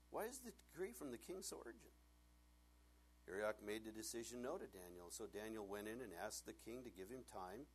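A middle-aged man, a pastor preaching a sermon in a joking, animated way and acting out the people he quotes. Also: medium pitch.

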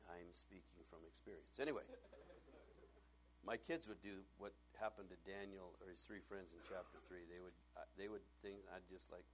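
A middle-aged man, a pastor preaching a sermon in a joking, animated way and acting out the people he quotes. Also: low-pitched, normal speed, slight background noise.

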